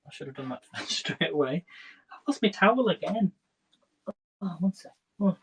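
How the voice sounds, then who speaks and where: A man's voice: sits high, expressive, moderate pace, a bit bright, slight background noise, low-quality recording. A man in his thirties hosting a casual cooking livestream from his home kitchen, chatting with viewers as he works. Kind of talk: casual live cooking chat. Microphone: phone livestream. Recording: kitchen clatter and clicks behind.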